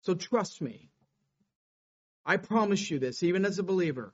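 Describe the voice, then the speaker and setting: A man with a high voice preaches a sermon. He builds his delivery up as he reads scripture quotes. The recording sounds dull and lo-fi. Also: animated, moderate pace, long pauses, a little mellow, breathy edge.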